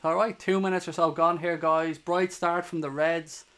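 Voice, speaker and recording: Irish bloke doing running commentary on a match for his stream, fairly high voice, swears a lot at the other team. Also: level tone, normal speed, fairly bright tone. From Ireland. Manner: swears hotly at opposing players. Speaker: fan watchalong streamer doing live commentary. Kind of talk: live play-by-play commentary to a stream chat.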